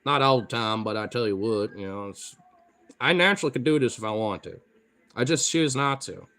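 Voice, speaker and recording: A man with a Pacific Northwest accent, a streamer chatting casually with viewers, excitable, swearing freely and laughing often. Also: mid-range voice, a little fast. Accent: Pacific Northwest American. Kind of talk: casual chat answering viewer comments.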